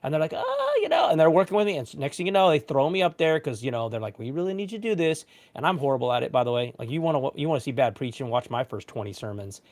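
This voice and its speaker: A man in his forties, a pastor hosting a casual livestream chat, telling a story with lively, self-mocking asides. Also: mid-range voice, racing, hardly any pauses. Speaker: pastor and show host.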